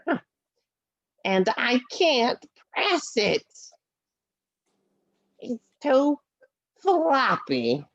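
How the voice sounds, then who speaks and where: A woman's voice: on the low side, dry recording, muffled recording, exaggerated voice. A woman voicing a frustrated male hoofed puppet with floppy felt hooves, whiny and sighing. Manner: whiny, sighing, slow and mopey. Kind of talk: puppet play acting. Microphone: laptop video call.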